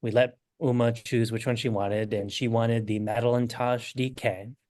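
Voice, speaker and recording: Young adult man, guest storyteller, lively quoting of others, dry close recording. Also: medium pitch, normal speed, dry recording. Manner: animated, acts out quotes with lots of "I'm like". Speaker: guest knitting designer. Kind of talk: casual interview storytelling.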